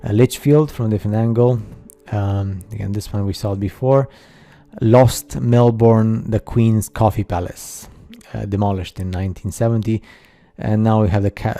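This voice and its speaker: Dark-voiced man, halting skeptical narration. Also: fairly low pitch. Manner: halting, many fillers and restarts, skeptical asides. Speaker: narrator of a slideshow video. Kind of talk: casual voice-over commentary.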